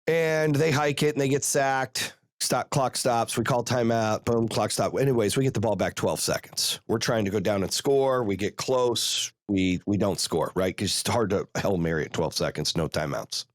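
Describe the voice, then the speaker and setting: A man hosting a podcast, telling a story in a casual, profane, animated way and rattling off rapid play-by-play. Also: lowish voice, dry recording, clean studio sound. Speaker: podcast host.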